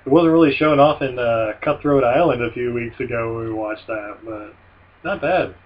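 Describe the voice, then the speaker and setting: A man's voice: mid-range voice, normal speed, distant mic, muffled recording. A man co-hosting a casual movie chat, playful and laughing often. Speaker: podcast co-host.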